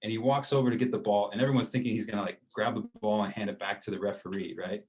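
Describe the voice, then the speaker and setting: An American man in his thirties, telling a casual story as an interview guest, with a relaxed, rambling way of talking and lots of fillers. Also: on the low side, quick pace, low-quality recording. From United States.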